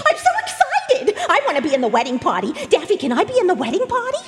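A woman plays an excitable young friend who gushes and giggles. Her voice is very high and bounces all over, heard with a roomy reverb. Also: normal speed, a crowd in the background. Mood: giddy. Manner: gushing, giggly. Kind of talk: radio drama acting.

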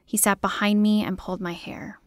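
A woman's voice: medium pitch, flat delivery, brisk, no echo. Woman reading her poems, dry studio. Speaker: poet. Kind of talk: poetry reading.

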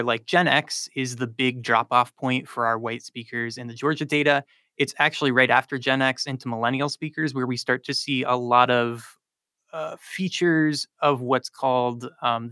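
A man's voice: mid-range voice, pushed and bright, no echo. A man, a linguistics professor, explaining his research on a radio interview with frequent ums and likes.

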